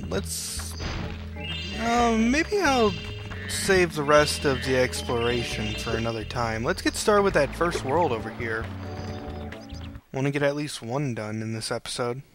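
A man's voice: medium pitch, expressive, measured pace. A young man casually commentating a video game playthrough, cracking goofy jokes to his viewers. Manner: goofy, joking asides to the viewer. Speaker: let's play host. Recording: game music playing underneath.

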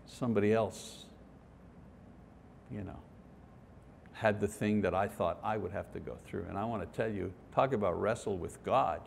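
A man's voice: lowish voice, moderate pace, creaky, pauses often, slight background noise. A middle-aged man leading a Bible study lesson, talking earnestly in a conversational way and reading scripture aloud. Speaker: Bible teacher. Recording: long reverb of a hall.

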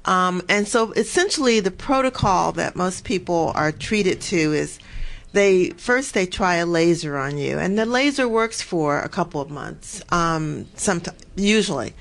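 A woman guest on a radio show, calmly explaining her experience with treatment. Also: fairly low pitch, unhurried, vocal fry, low-quality recording. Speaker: guest patient. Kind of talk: interview answer.

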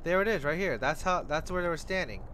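A man's voice: on the high side, expressive, quick pace, pushed and bright, slight background noise. A man giving casual let's-play commentary on a horror game, talking to himself and swearing when startled. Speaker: gamer playing a horror game.

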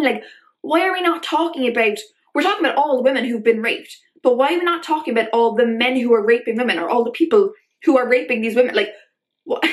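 A woman's voice: on the high side, quick pace. A young woman talking to camera in a casual vlog, ranting in an exasperated way and saying "like" constantly. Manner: ranty, exasperated, filler-heavy with constant "like". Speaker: vlogger.

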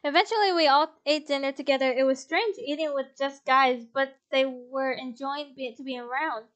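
A woman with a high, bright voice reads a romance game aloud from her desk mic. She giggles often and keeps up a running commentary between lines. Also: normal speed, muffled recording. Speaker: game streamer. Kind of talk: reading a visual novel aloud with commentary.

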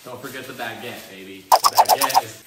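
A man's voice: medium pitch, normal speed, reverberant, distant mic, very noisy. A man hosting a casual cooking vlog in a home kitchen, joking and self-deprecating as he rambles through the recipe.

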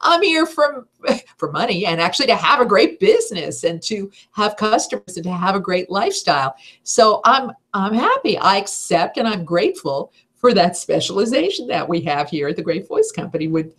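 A middle-aged woman teaching a voice-over seminar, energetic and emphatic in an upbeat way. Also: mid-range voice, moderate pace, husky. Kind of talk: seminar talk.

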